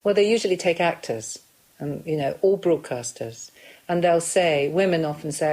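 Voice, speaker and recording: A woman voice coach explaining how voices work in a measured, thoughtful way. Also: low-pitched, darkish tone. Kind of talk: explanatory interview talk.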